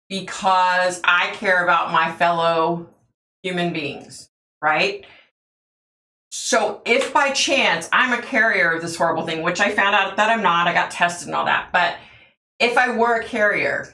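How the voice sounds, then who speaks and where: A woman's voice: on the low side, pushed and bright, echoey room. A woman hosting a livestream, telling stories in a chatty way, laughing often and answering viewers' comments. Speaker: livestream host. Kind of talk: casual chat with viewers.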